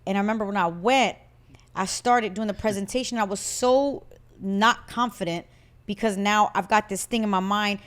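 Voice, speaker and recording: A woman in her thirties talks with a Puerto Rican-tinged northern US accent. She co-hosts a relaxed podcast chat. She tells personal stories in a lively, animated way. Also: mid-range voice, moderate pace. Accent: Puerto Rican-tinged northern US English. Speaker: podcast co-host. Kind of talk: casual chat.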